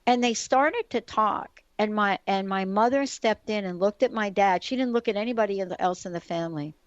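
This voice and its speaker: A woman, hosting a radio talk show and telling a story in a chatty, animated way full of asides. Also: mid-range voice, a little fast, no room sound. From the Bronx, New York. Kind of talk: casual radio chat, storytelling. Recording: dull lo-fi radio recording.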